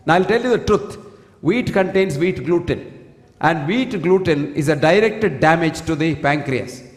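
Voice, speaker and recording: Indian English man, high voice, preachy health lecturer on one stand mic in a reverberant hall. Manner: emphatic, preachy, recites Sanskrit verses. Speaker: doctor giving a health lecture. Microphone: single fixed stand mic. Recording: echoey hall with long reverb.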